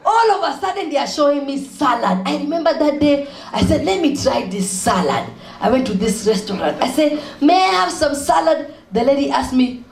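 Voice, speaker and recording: Animated woman doing stand-up. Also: sits high, brisk, creaky. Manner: animated, shouts and laughs, acts out the people in her stories. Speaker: stand-up comedian and spoken-word poet. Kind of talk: stand-up storytelling with poetry. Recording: echoey room.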